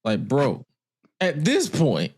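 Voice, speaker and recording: Man, podcast co-host, casual chat, animated, lively pitch, mid-range voice. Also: slow, husky. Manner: animated, acts out wrestlers' lines in a higher voice.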